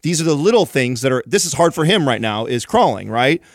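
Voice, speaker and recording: A young man talks on a podcast in a casual, animated way, often restarting his sentences as he tells a story. His voice sits in a middle pitch, and the recording is close and dry with no room sound. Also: fairly quick, no echo. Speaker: podcast co-host.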